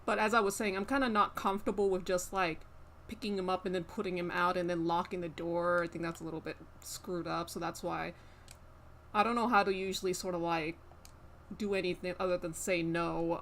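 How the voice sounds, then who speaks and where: A woman's voice: fairly low pitch, flat delivery, fairly quick, creaky, a little hiss or hum. Exasperated young woman streamer. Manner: exasperated, scolding a pet with sharp repeated commands; rambling, with many fillers. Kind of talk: casual live-stream chat.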